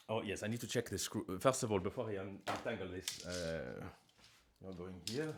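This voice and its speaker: Chatty low-voiced man streaming. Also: sing-song, measured pace, background noise. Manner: rambling, self-mocking, with sudden loud high outbursts. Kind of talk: casual live-stream chat. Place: living room at home.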